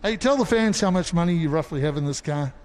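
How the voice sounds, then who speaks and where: High-voiced, excitable trackside reporter man. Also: quick pace, long reverb tail. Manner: enthusiastic, exclaiming. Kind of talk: post-race interviews. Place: outdoors at a race track.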